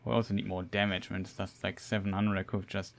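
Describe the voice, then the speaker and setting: A man's voice: sits low, level tone, fast talker, creaky. A man streaming a game, giving casual, hesitant commentary as he plays. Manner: thinking aloud, hesitant with fillers.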